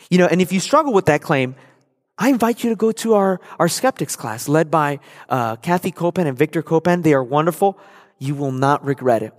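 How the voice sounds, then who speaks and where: A male pastor preaching a sermon, emphatic and repeating key phrases for effect. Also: on the high side. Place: church sanctuary. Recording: long hall reverb.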